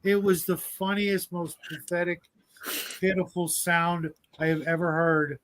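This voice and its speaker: A man's voice: sits high, level tone, unhurried, a bit bright, no room sound. Amused rambling man hosting a chat. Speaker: host. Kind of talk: casual online chat.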